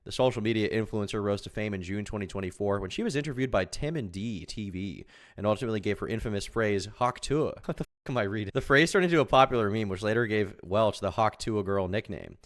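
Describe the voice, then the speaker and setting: A man's voice: fairly low pitch, animated, fast. A young man commenting on a live stream, wry and rambling with sarcastic asides. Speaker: live streamer reacting to clips.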